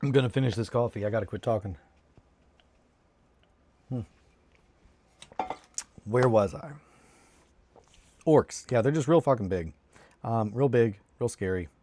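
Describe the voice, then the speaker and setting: Speaking a little slowly with frequent pauses, this man has a mid-range, dark-toned voice picked up on a close desk mic. He's building models on a hobby stream, rambling casually, cursing liberally and cutting himself off partway through sentences.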